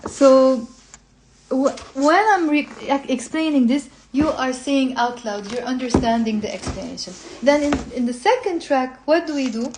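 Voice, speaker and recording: A woman explaining a language textbook, saying model phrases slowly for learners to repeat. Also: high-pitched, a little mellow, a little hiss or hum. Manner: slow, drawn-out model phrases for repetition. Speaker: language teacher.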